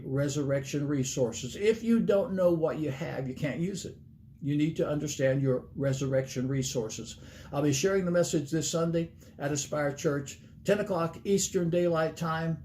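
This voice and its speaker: A man's voice: fairly high pitch, moderate pace, dark tone, a little hiss or hum. A middle-aged man preaching a sermon as a pastor, earnest and plain-spoken, laying out numbered points and folksy stories.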